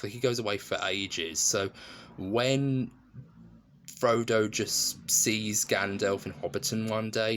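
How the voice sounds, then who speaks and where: A man with a deep, low-pitched voice talks through a film review in a loose, casual way. He restarts sentences often and leans on fillers as he goes. He sounds fond and enthusiastic about the film. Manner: rambling, many restarts and "you know" fillers.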